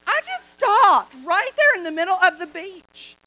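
A woman preacher telling a personal story to a congregation with animated, repetitive storytelling. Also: very high voice, unhurried, poor audio. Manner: animated storytelling, repeats phrases. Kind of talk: sermon testimony.

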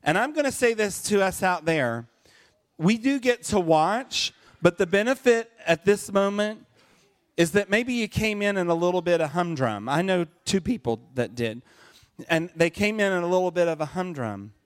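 A man's voice: high-pitched, moderate pace, smooth. A man leading a church service, telling a picture-book story and asking the audience questions. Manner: animated, asks the audience questions. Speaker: pastor.

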